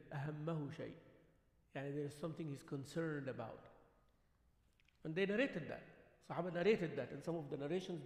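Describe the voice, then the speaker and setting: A man teaching a relaxed religious lesson as a sheikh, mixing Arabic words into his English, asking his listeners questions and laughing often. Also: fairly high pitch. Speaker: sheikh teaching a mosque class. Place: mosque hall. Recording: echoey hall with long reverb.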